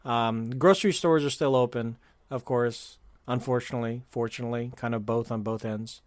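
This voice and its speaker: A man's voice: mid-range voice, fairly even intonation, moderate pace, dry recording. A man from California chatting casually on a podcast, rambling with fillers and restarts. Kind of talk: casual chat.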